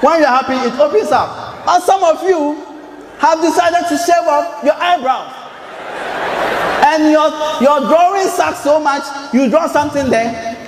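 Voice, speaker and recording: Loud, high-voiced Ghanaian comedian on stage. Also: male voice, a little slow, noisy background. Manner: animated, shouting punchlines, acting out characters. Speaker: stand-up comedian. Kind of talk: stand-up comedy. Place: live stage before an audience. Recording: echoey hall, loud crowd.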